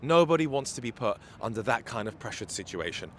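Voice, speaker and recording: A man's voice: mid-range voice, sing-song, fairly quick, slight background noise. A man giving dating advice as a coach in a walking vlog, filmed on a handheld phone outdoors, emphatic and repeating his key points. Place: city street outdoors.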